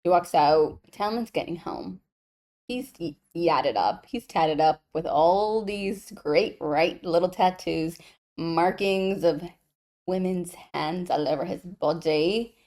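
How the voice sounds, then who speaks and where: Playful young woman, lowish voice. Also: slow pace, a little mellow. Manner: playful, jokey, reacts with "ew". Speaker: podcast co-host. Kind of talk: casual book recap chat.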